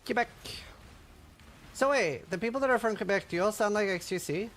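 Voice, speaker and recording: A man's voice: high-pitched, animated, quick pace, a bit bright, a little hiss or hum. A man streaming casually, joking and chatting with his viewers. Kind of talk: casual livestream chat.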